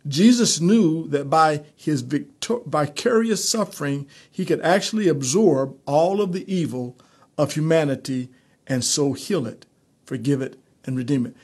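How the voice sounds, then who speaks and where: A male pastor teaching a streamed Bible study in a conversational preaching manner, building to animated emphasis. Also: a little high, unhurried, breathy edge.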